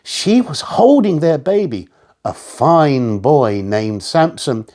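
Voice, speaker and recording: A male storyteller reading a children's tale with a very lively, sing-song delivery that rises and falls all over the place. He takes his time, slow and deliberate, giving every line plenty of room. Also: a little high. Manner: animated, expressive reading.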